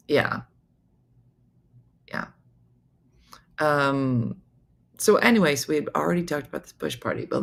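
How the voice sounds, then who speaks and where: Woman, comedian host, low voice, gravelly, chatty, animated storyteller, casual asides.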